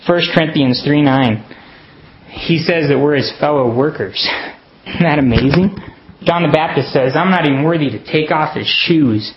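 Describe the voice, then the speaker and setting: A man's voice: on the high side, moderate pace, muffled recording. A man giving a conversational sermon to college students, acting out the quotes he reads. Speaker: campus ministry speaker.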